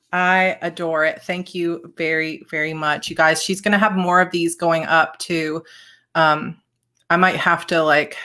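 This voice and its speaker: A woman hosts a relaxed live chat, her voice sitting a little low for a woman. She gushes warmly, laughs and tears up as she talks, with thanks spilling out between breaths. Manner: gushing, emotional, laughs and tears up often. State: tearful. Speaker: author and channel host. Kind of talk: casual live chat, opening fan mail.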